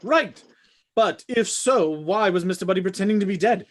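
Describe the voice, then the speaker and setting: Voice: medium pitch, animated, normal speed, lightly acted. A reader voicing a frantic male butler in a live script reading, racing through the recap with sudden yelps.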